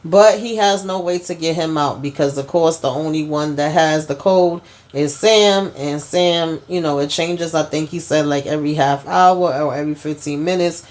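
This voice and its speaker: A woman's voice: low-pitched, normal speed, darkish tone. A woman hosting a casual TV episode recap, retelling scenes in a chatty way and often adding "you know" and "okay?". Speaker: host.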